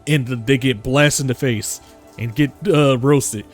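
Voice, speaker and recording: A man's voice: medium pitch, unhurried, faint music behind. A man narrating a tabletop game as game master, rambling with fillers and laughs.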